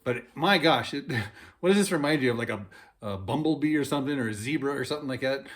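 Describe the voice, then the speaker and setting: A man with a relaxed, folksy, enthusiastic manner, chatting casually through a workshop demo of a guitar he built. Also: medium pitch, quick pace. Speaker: cigar box guitar builder. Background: guitar playing.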